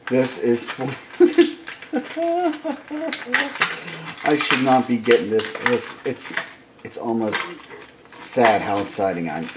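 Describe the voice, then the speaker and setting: A man gushing over toys in a casual unboxing vlog, excitable, with mumbled asides and swearing. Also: on the low side, very noisy. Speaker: toy unboxing vlogger.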